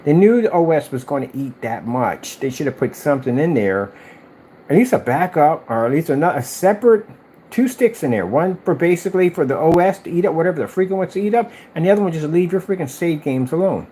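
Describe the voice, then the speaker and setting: A man hosting a gaming video, ranting in exasperated, animated commentary and mocking imagined replies. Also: fairly high pitch, a little fast, slight background noise. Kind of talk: ranting commentary over clips.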